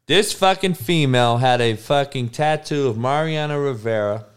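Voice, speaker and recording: A man's voice: mid-range voice, moderate pace, clear, resonant tone. A man in a crude, heated casual rant, swearing constantly.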